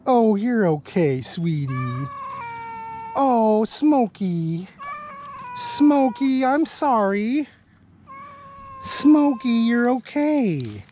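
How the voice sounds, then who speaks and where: Slow, cooing woman calling to cats. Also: a little high, big pitch swings, a little hiss or hum. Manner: soft, cooing, calls cats by name over and over. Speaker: cat rescuer. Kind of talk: coaxing talk to animals.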